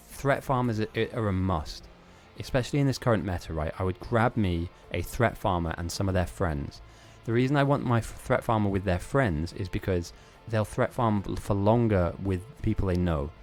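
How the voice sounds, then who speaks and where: A man's voice: low voice, moderate pace, few pauses, a little mellow, soft background music. A man hosting a live-streamed game tournament, chatting casually in a rambling, self-mocking way with frequent laughs.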